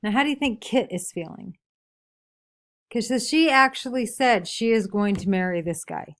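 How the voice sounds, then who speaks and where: A woman teacher reading passages from a novel and asking her class questions about them. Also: a little high. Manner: asks many questions, pausing for answers; reads book passages aloud, then explains. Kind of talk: classroom read-aloud with discussion questions.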